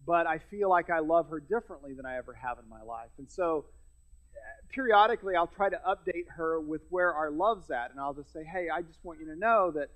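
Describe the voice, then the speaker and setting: Middle-aged pastor preaching conversationally. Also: male voice, on the high side, lively intonation, a little fast, fairly bright tone, rough recording. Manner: conversational, self-deprecating humor, frequent restarts. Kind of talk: sermon. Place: church sanctuary.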